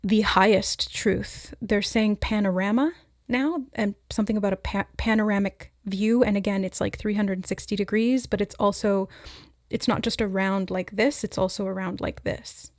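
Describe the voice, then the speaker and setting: A woman giving a spontaneous spiritual reading, musing aloud with hesitant pauses as she relays what she senses. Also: mid-range voice, fairly even intonation, dry recording, studio quality. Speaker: intuitive oracle reader.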